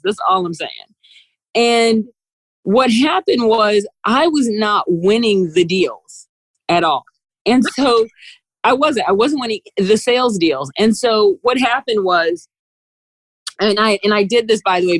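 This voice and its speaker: A woman, a business CEO, telling animated stories as a podcast guest, laughing often and acting out what others said. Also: mid-range voice, no room sound, poor audio. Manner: lively, laughs often, acts out quotes. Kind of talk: animated storytelling interview.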